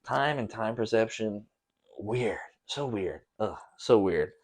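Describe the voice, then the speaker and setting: A man's voice: fairly low pitch, expressive, takes it slowly, breathy edge. A young man hosting a casual solo podcast, rambling loosely with lots of slang and swearing. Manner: loose, profane, slangy storytelling. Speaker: podcast host.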